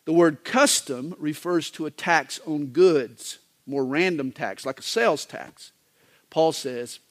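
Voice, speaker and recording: A male pastor delivering a sermon in a folksy, joking manner, with wide swings in pitch. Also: expressive, takes it slowly.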